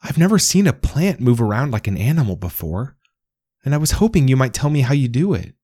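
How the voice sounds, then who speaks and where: A man's voice: mid-range voice, very animated, brisk, warm tone, no room sound, clean studio sound, voice pushed up. Man doing a timid, eager young basil plant. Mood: curious. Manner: breathless, pleading, apologetic.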